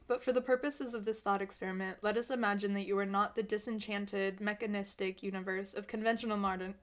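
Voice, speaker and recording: A young woman chatting casually into a desk mic at home, rambling and self-deprecating with lots of fillers. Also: medium pitch. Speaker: vlogger. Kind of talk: rambling casual vlog chat. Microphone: desk mic with headphones.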